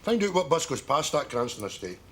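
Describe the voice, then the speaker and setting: Sitcom part: bossy Scottish old-timer, husky, lively pitch. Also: male voice, full character voice. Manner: brisk, giving orders.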